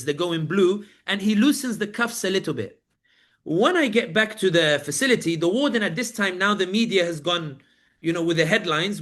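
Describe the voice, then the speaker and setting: Man, high voice, live panel guest, vivid storytelling, acts out quotes. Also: fairly bright tone. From Britain. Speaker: journalist guest.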